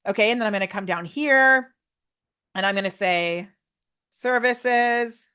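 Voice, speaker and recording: A woman runs a live online workshop, demoing on screen with loud, bubbly excitement. She laughs often and keeps her voice at an ordinary middle pitch. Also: moderate pace, smooth. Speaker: workshop presenter.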